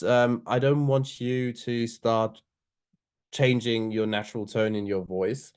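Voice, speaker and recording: A man's voice: on the low side, darkish tone. Man lecturing with many ums. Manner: loose, filler-heavy delivery, slowing down to demonstrate. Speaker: lecturer on oral advocacy. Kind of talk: online seminar lecture.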